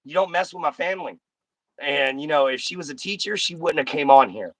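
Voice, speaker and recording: A man's voice: a little high, lively intonation, brisk, fairly bright tone, no room sound. A man hosting a casual live stream, talking bluntly and folksily straight to his chat.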